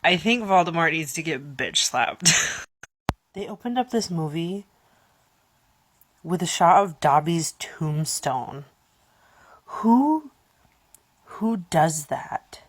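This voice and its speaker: A woman's voice: sits low, lively intonation, slow, pauses often, fairly bright tone, dry recording. A woman in her twenties reacting emotionally to movies in a casual vlog, rambling and dropping whispered asides. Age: 20s. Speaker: YouTuber.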